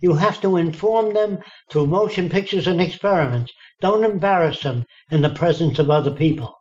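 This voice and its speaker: A man's voice: on the high side, normal speed, darkish tone. A man being interviewed, telling stories in a blunt, folksy way and acting out what people said to him. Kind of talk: storytelling in conversation. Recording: dull lo-fi recording.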